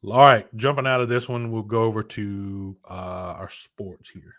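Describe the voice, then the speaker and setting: Low-voiced man ranting on a podcast. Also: unhurried, dry recording, clean studio sound. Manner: rambling, animated, rants with many restarts. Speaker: podcast co-host. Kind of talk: casual chat.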